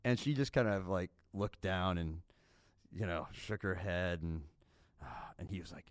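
A man's voice: low voice, unhurried, no echo, clean studio sound. A man guest on a podcast, telling a story in a laid-back, chatty way with lots of fillers. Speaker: restaurateur guest.

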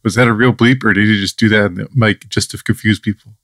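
A man co-hosting a podcast, casual and wry in a low voice. He sounds sleepy and trades dry quips. The recording is close and dry. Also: fairly even intonation, fast talker, a bit bright, dry recording. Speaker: podcast co-host. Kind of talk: casual chat.

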